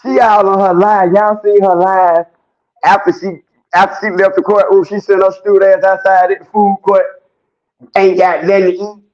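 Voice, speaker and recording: A man, giving animated ranting commentary, loud and mocking, swearing often and laughing as he talks. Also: high-pitched, normal speed. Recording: dull lo-fi sound.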